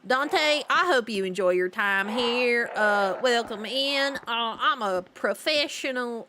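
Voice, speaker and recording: Her voice sits on the high side and she takes her time, speaking slowly while playing a horror game on stream. She chats playfully with viewers, giggling often, over some background noise.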